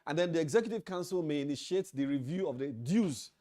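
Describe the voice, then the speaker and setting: A leadership trainer with a Nigerian English accent lectures association officials in a meeting hall, emphatic and repeating key phrases for stress. His voice is a little high and dark-toned, with lively intonation and a quick pace.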